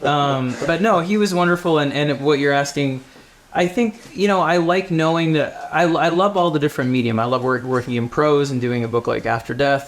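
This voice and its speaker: Man, comics writer, live panel, animated rambling talk, faint room noise. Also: mid-range voice. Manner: animated, rambling, laughs often. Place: live event before an audience.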